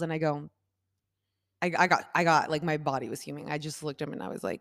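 A woman with a slightly low voice tells a story in casual chat. She is animated and acts out other people's voices, peppering her talk with "like." The sound is dry and close, with no room echo. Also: quick pace, vocal fry. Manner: animated, acts out quoted voices with big shifts in pitch and loudness; talks with many fillers like "like" and "I'm like". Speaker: guest telling a personal story.

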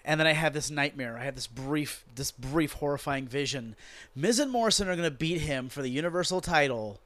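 This podcast host speaks fairly quickly in a fairly high voice, with no echo in the recording. He recaps a wrestling show as a foul-mouthed, exasperated rant, spinning it into a lively story.

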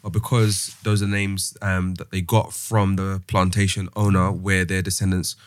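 A man's voice: sits low, level tone, normal speed, no echo, studio quality. A man, hosting a casual podcast discussion, thinking aloud with many ums and restarts. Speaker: podcast host.

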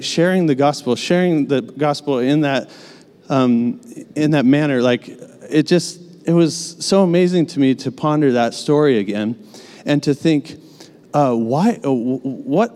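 A man's voice: on the high side, darkish tone. A man preaching a sermon as a casual story, full of fillers like "like" and "you know.". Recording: long hall reverb.

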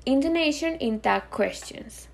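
A woman hosting a grammar podcast, reading clear, carefully scripted explanations. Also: high-pitched, animated, a little slow. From Venezuela. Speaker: podcast host teaching grammar.

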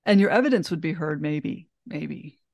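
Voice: mid-range voice, lively intonation, normal speed, creaky, a little mellow, dry recording, clean studio sound. A podcast host who agrees with her guest and often adds short "mm-hmm" replies. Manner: agreeing, frequent backchannel "mm-hmm". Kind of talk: conversational interview.

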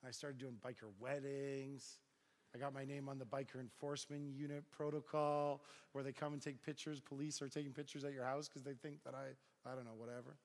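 With a long reverb tail trailing his words, a middle-aged pastor tells a story to a crowd at a fairly quick pace, his voice mid-range. He's an animated storyteller, acting out plenty of dialogue in the sermon.

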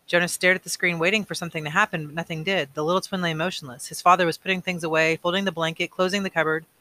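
A man's voice: a little high, little pitch movement, very fast, pushed and bright. A man reading a novel aloud, plainly, with small slips he corrects as he goes. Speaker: audiobook reader.

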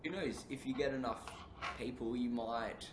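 A man's voice: mid-range voice, moderate pace. A man hosting a podcast, talking casually and laid-back, calling his guest "bro" and "mate". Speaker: podcast host. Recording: echoey room with background noise.

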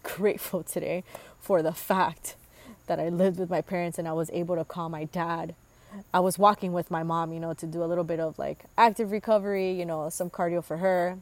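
A woman in her twenties telling a rambling, profane story in a casual monologue, full of fillers. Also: fairly low pitch. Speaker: host.

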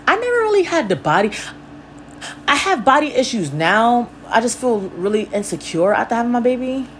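A young woman speaks candidly and bluntly about her own life, cursing often and circling back with lots of fillers. Her pitch leaps high and drops low as she talks. A faint hiss sits under the voice. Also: low-quality recording. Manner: casual, blunt, swears freely, rambling with fillers. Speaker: podcast host. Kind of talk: candid personal storytelling.

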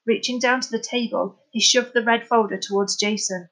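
A woman narrating a novel as an audiobook in a steady, dramatic storytelling manner. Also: on the high side, normal speed, few pauses, poor audio.

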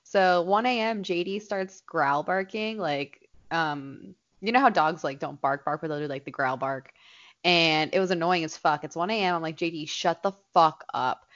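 A woman's voice: fairly low pitch, normal speed, dull audio. A young woman co-hosting a podcast, telling a story in casual chat and swearing freely. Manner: swears freely, tells stories with lively quoted voices. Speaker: podcast co-host.

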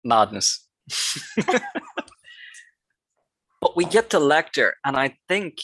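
A podcast co-host with a fairly high, slightly bright and rough voice talks through a film in a laid-back, analytical way, laughing now and then. He's very animated but slow, and the recording quality is low.

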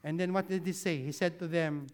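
A man preaching a sermon with slides, dropping his voice low for emphasis and leading the congregation to repeat words after him. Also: fairly even intonation, a little fast. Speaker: pastor.

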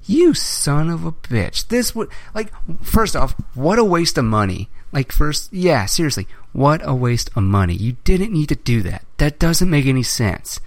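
A man's voice: medium pitch, big pitch swings, normal speed, hardly any pauses, no echo. A man hosting a podcast, chatting casually and ranting in a rambling way, with swearing. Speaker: podcast host.

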